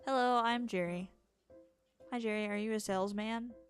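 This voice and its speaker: A woman's voice: a little high, fairly even intonation, normal speed, clean tone, faint music behind, natural voice. A woman voicing a stiff, overworked businessman in a video game, reading his lines in formal, stilted phrasing. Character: stiff overworked businessman, man, late for meeting.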